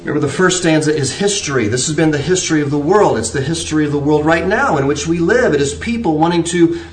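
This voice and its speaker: A man's voice: on the high side, animated, quick pace. Guy giving a sermon, earnest, kinda far off the mic, echoey church room. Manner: earnest preaching with varied emphasis and repeated restarts. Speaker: pastor. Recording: roomy, distant from the mic.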